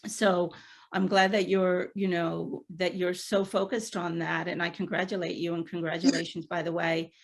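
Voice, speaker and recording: A woman's voice: fairly low pitch, flat delivery, normal speed. A woman financial coach in conversation, affirming and encouraging toward her client.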